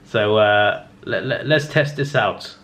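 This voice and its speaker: A man's voice: fairly low pitch, slow pace, fairly bright tone. A man in his twenties chatting casually in a vlog, rambling and hesitant with frequent restarts. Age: 20s. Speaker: vlogger. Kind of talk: casual vlog talk and review.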